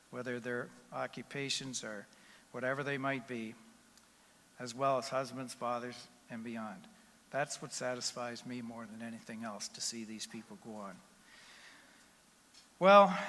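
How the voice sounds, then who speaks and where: A man's voice: mid-range voice, a bit bright. A man in his seventies, a retired coach, giving a folksy, conversational acceptance speech at a podium in a large banquet hall. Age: 70s. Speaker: retired hockey coach, inductee. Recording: long reverb of a large hall.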